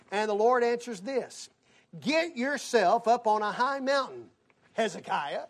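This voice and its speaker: A man's voice: very high voice, a little slow. A man teaching a conversational Bible lesson as a Sunday school teacher, telling stories and acting out the dialogue. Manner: animated storyteller acting out dialogue.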